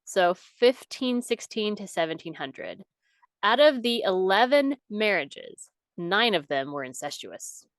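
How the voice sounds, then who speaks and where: A woman's voice: mid-range voice, very animated, unhurried, no echo. A young adult woman co-hosting a podcast in casual chat, swearing freely and saying "like" a lot. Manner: chatty, swears freely, lots of "like". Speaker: podcast co-host.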